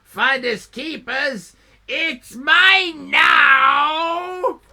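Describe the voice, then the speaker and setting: A man voicing a gloating male crocodile in a raspy voice. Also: very high-pitched, drawn-out words, raised voice, heavy background noise, voice pushed up, exaggerated voice.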